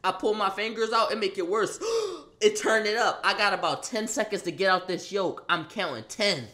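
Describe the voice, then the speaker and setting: A young man telling a wild personal story, excitable and profane, acting out a fight with loud sound effects and rambling restarts. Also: high-pitched, brisk. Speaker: storyteller vlogger. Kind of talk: animated storytelling.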